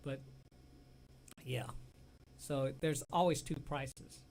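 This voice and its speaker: A man's voice: mid-range voice, steady tone, drawn-out words, darkish tone, slight background noise, rough recording. A man with a Southern US accent co-hosting a casual talk show, telling rambling stories and often trailing off. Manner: rambling storyteller, laughs easily, trails off mid-sentence. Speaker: co-host. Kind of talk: casual chat.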